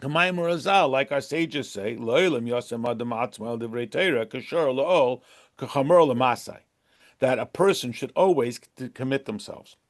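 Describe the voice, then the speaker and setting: A man teaching a Torah class in a casual, digressive way, slipping Hebrew terms in and translating them, and acting out little dialogues. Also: on the high side. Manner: chatty and digressive, with frequent restarts and asides; lively, acts out little dialogues. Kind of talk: conversational lesson.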